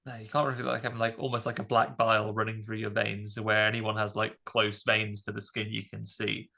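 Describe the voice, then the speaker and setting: A man co-hosting a podcast, explaining scenes of a horror film in animated detail. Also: fairly low pitch, a little fast, gravelly. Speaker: podcast co-host. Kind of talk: casual film discussion.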